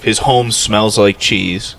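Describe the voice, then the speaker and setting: A young man co-hosting a comedy podcast, from Ohio, riffing in long, rambling, deadpan bits. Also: lowish voice, slow pace, vocal fry, slight background noise. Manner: rambling absurd riffs, deadpan. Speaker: podcast co-host.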